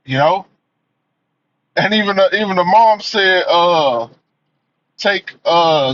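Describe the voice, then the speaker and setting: A man's voice: high-pitched, expressive, slow pace, pauses often, fairly bright tone. A man giving a profane, emphatic rant as a movie reviewer, filling his talk with "man" and "you know.". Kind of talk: ranting commentary. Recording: dull lo-fi audio.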